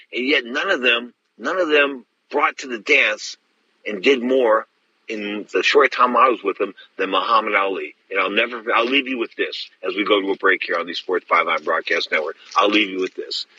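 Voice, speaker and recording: A man's voice: fairly low pitch, moderate pace, sharp tone, highs cut off, a little hiss or hum. Emphatic storytelling male radio host. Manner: storytelling, emphatic, addresses listeners as folks. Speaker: radio boxing show host. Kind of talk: animated radio talk.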